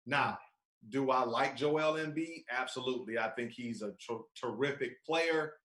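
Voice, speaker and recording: A man talks basketball on a casual podcast in a calm, laid-back, measured way. His voice has a mid pitch for a man, and the room around him is echoey. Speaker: podcast co-host. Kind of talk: casual sports talk. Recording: roomy echo.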